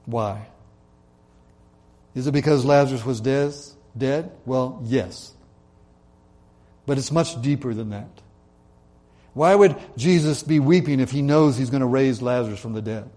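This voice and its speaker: A man preaching a sermon in an earnest way, slowing down and dropping his voice to stress key points. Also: medium pitch, dark tone. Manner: earnest, slows and drops his voice for emphasis. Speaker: pastor.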